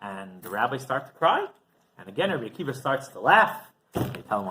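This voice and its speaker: Animated man telling a sermon story. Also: mid-range voice, moderate pace, noisy background. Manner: animated storyteller, asks rhetorical questions. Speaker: rabbi.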